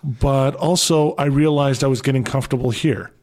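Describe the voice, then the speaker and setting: Man, canadian accent, radio host, rambling, excitable, mid-pitched voice, radio studio. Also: normal speed. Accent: Canadian English. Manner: rambling, excitable storyteller with many restarts and fillers. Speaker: departing radio show host. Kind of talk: casual radio interview.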